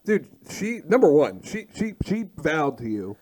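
Animated man in crude podcast banter. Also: fairly high pitch, measured pace. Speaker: podcast co-host. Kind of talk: casual comedic banter.

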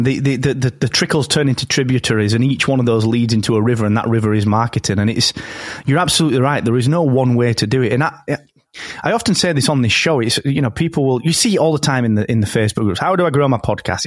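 A man's voice: medium pitch, fast, no room sound, clean studio sound. Man hosting a podcast, chatty. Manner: energetic, metaphor-heavy, repeats words when starting. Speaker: podcast host. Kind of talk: casual chat.

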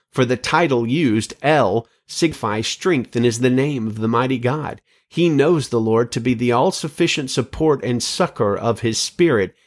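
A man delivers a sermon in a fairly low voice, reading scripture and quotations. His manner is earnest and measured, with emphatic phrasing.

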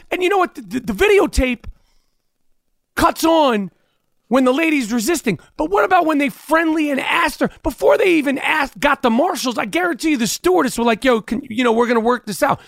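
A man with a strikingly high voice rants on a talk show, crude and incredulous, piling on the outrage. The sound is close and dry, with no room around it. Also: gravelly, a bit bright, no echo. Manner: heated, crude, incredulous ranting. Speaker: host. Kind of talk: profane comedic rant.

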